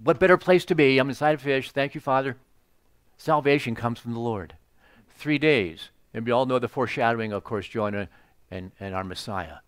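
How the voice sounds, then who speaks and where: A man's voice: medium pitch, normal speed, fairly bright tone, no echo. A man preaching a sermon in a casual, joking storytelling way, full of "you know" asides. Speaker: pastor.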